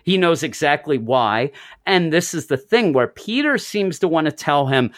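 A man's voice: on the high side, very animated, normal speed. A man casually discussing comics on a podcast, enthusiastically retelling scenes and quoting the characters' lines. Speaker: comic book podcast host.

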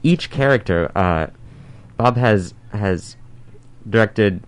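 A teenage boy, a high school actor, explaining hesitantly in an interview. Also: expressive, slow, clean tone. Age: teens. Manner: hesitant, many ums and restarts. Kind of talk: casual interview talk.

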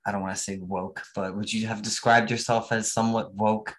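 Man, podcast host, low voice, casual, blunt, swears a lot. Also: little pitch movement, a little fast, fairly bright tone, rough recording. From New Jersey. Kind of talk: casual conversation.

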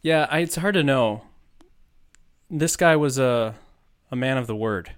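A man's voice: medium pitch, measured pace, smooth. A man from Buffalo, New York, chatting casually as a podcast co-host, rambling with lots of fillers and laughing easily. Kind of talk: casual chat.

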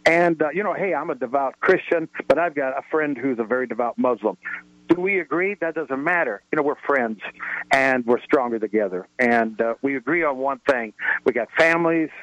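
A man's voice: medium pitch, fairly quick, fairly bright tone. A man calling in to a radio talk show, speaking earnestly and rambling with many fillers. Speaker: caller. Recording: dull lo-fi radio sound.

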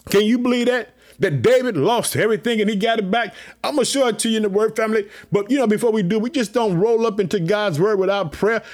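Pumped-up high-voiced preacher man. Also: fast talker, few pauses. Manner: excited, repetitive preaching catchphrases. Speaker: pastor. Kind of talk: energetic podcast sermon.

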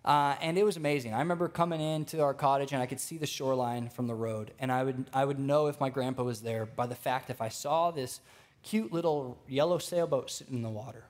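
A young man preaching a sermon, telling stories with lively energy and speaking straight to the congregation. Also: medium pitch, fairly quick. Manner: storytelling, animated, addresses congregation directly.

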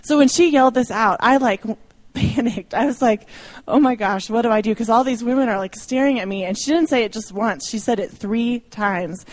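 Speaking at a moderate pace in a slightly high voice, a young woman addresses a church audience about ministry from a church meeting room. She keeps it informal and chatty, pokes fun at herself, and laughs lightly.

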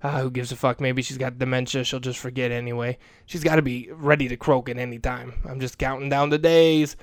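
A man's voice: mid-range voice, steady tone, brisk, no room sound, lightly acted. A man playing a crude, foul-mouthed middle-aged school janitor in a comedic character monologue, rambling and grumbling in a profane rant. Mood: cranky rant.

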